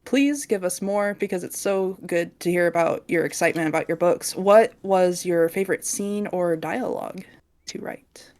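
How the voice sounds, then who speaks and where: A woman co-hosting a casual podcast interview, encouraging and halting with fillers. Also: fairly low pitch, a little mellow. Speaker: podcast co-host.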